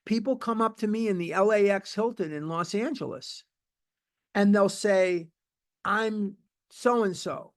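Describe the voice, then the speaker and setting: A man's voice: sits high, moderate pace. A man teaching a recovery book study in an informal, emphatic and repetitive conversational way.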